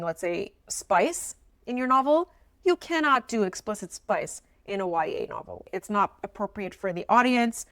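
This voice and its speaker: A woman's voice: mid-range voice, no room sound. A young adult woman talking casually to camera about her writing process, chatty and playful with frequent asides. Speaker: writing vlogger. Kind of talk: casual instructional talk to camera.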